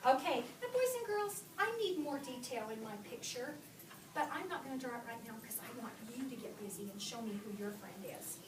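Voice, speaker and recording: A woman teaching a class of young children, reading aloud slowly and leading the lesson in an animated, sing-song way, recorded in a classroom. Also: high-pitched, noisy background. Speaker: kindergarten teacher. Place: classroom, indoors. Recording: roomy classroom from a distant camera.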